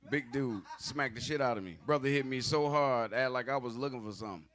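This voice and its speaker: Brash bright-voiced male stand-up comic. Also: mid-range voice, brisk. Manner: profane, loose, conversational delivery with asides to the audience; acts out arguing old men in gruff voices. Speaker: stand-up comedian. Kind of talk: stand-up comedy set.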